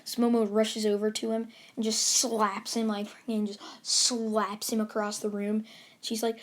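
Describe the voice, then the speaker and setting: A woman's voice: medium pitch, completely flat delivery, unhurried. A woman casually narrating an anime fan story, rambling with many fillers. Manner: rambling, filler-heavy, giggly asides.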